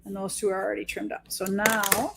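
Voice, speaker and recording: In a very noisy recording, an American quilt-shop owner and teacher demonstrates sewing while chatting eagerly and joking about herself. Her mid-range voice is creaky and flat in delivery, moving a bit fast.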